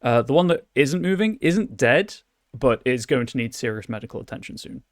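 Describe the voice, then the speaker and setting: Halting male game master, dry sound. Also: mid-range voice, lively intonation, no echo. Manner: halting, many restarts and fillers. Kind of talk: narrating a tabletop game.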